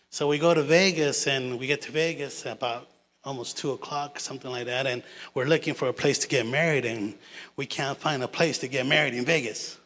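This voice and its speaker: A man's voice: fairly high pitch, steady tone, brisk, fairly bright tone. A middle-aged man giving a sermon as a guest preacher, telling personal stories in a casual, chatty way. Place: church sanctuary. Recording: long church hall reverb.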